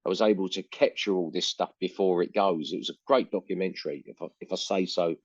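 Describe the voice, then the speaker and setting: Low-voiced older East London man. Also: fast, breathy edge, no echo, dull audio. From England. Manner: rambling anecdotes with frequent fillers and restarts. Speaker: interview guest, musician. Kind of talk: casual storytelling interview.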